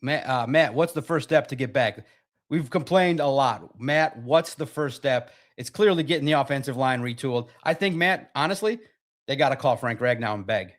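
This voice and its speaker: A man hosting a casual sports talk livestream, excitable and rambling, with a slightly raspy voice. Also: mid-range voice, moderate pace. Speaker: podcast host.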